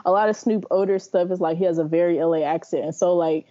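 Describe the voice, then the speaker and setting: A woman from the Bay Area talks in long, animated runs with a low, warm voice, often laughing as she goes. She sounds like a podcast guest in casual chat. The audio is slightly muffled. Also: quick pace. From San Francisco Bay Area.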